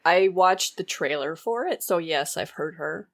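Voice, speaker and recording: A woman's voice: fairly low pitch, animated, unhurried, gravelly. A woman co-hosting a podcast in casual chat, with wry, teasing replies. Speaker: podcast co-host.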